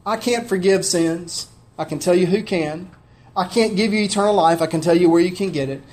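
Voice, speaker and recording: A man's voice: sits high, a little fast, darkish tone. A man preaching a sermon, conversational and heartfelt, often asking his listeners questions. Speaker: pastor.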